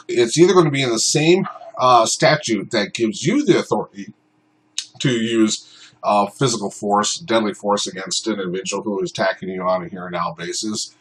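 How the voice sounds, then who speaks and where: A man teaching self-defense law in an unscripted, informal way, often pausing on ums and uhs. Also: on the low side, rough recording. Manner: informal, many ums and uhs, shouts out acted commands in examples. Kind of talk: unscripted explanatory talk.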